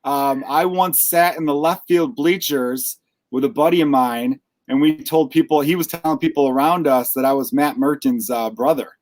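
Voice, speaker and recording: A young man hosting a podcast, chatty and quick to laugh while telling a story. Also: fairly high pitch, a little mellow. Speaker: podcast host. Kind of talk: casual chat.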